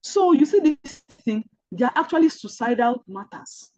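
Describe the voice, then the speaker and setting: A woman with a Nigerian accent mentors an online group through personal stories, repeating her points earnestly and addressing her listeners directly. Her voice is husky and sits in an ordinary middle pitch. The recording is dull and lo-fi, with a dry, close sound. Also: animated, moderate pace, warm tone, dry recording. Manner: earnest, repetitive storytelling that speaks directly to listeners.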